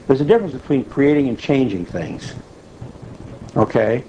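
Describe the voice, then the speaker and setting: A man delivers a sermon in a conversational teaching manner, often pausing to check in with his listeners. His voice sits in a middle pitch with a warm, mellow tone. A faint background noise runs underneath. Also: sing-song, lo-fi sound. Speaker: preacher.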